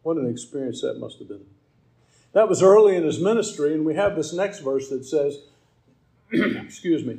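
A man delivers a sermon in a conversational teaching style, stopping to explain verses with offhand asides. His voice sits a touch high and has a mellow, warm tone. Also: lively intonation, moderate pace, pauses often, poor audio. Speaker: preacher.

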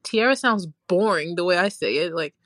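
A woman's voice: fairly low pitch, animated, normal speed, a bit bright, dry recording, clean studio sound. A woman co-hosting a podcast, chatting casually and animatedly, often putting on playful voices when she tells a story. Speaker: podcast co-host. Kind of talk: casual chat.

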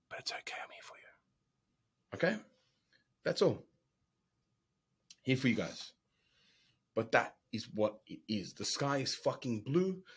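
A man, an online fitness coach, ranting bluntly and profanely about calories and accountability, loud one moment and muttering the next. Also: fairly low pitch, breathy edge. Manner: profane, brash, animated, rants then drops to whispers. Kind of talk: blunt casual monologue.

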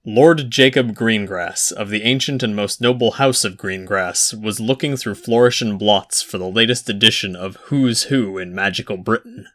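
A man narrating a fan fiction chapter aloud in a measured storytelling manner. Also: lowish voice, fairly bright tone. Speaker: audiobook narrator.

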